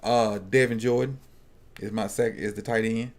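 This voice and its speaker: A man's voice: lowish voice, steady tone, normal speed. A man talking casually at a football draft watch party. He jokes and thinks aloud, often restarting his sentences. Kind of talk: casual chat.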